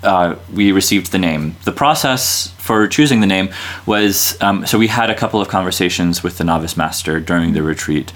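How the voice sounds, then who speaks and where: A Dominican friar in his thirties, appearing as a guest, speaks in a low-pitched, fairly bright voice at a moderate pace. The interview is casual, and he rambles with plenty of fillers and restarts, laughing easily.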